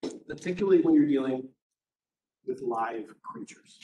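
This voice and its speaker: A man, a university professor, telling stories in a casual classroom lecture, acting out the people in them in quick put-on voices. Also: medium pitch, expressive, warm tone, slight background noise, poor audio.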